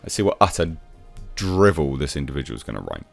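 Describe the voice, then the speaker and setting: A man's voice: a bass voice, sing-song, fast talker, vocal fry, dry recording, soft background music. A man giving a sarcastic, exasperated commentary rant as a reviewer. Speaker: YouTube reviewer. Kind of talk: ranting commentary.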